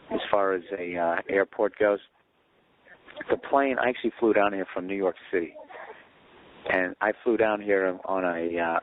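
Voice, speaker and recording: Recorded on a phone in an airport waiting area, a comedy podcast host with a lowish voice goes on a rambling rant, sarcastic and profane. The audio is narrow and tinny.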